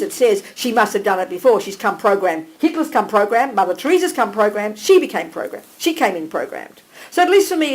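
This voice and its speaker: A woman teaching a small group live, animated and direct, checking in with listeners by name and calling them darling. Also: medium pitch, poor audio. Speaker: Buddhist teacher.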